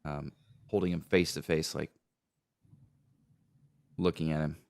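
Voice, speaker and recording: Deep, gravelly game master. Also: male voice, a little slow. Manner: relaxed, rambling, with many fillers. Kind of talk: narrating a tabletop game.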